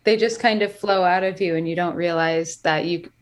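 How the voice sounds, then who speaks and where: A woman's voice: lowish voice, fairly even intonation, moderate pace. A woman from New York State with a slight Brooklyn accent, a singer-songwriter guest in a casual interview, chatty, self-deprecating and hesitant.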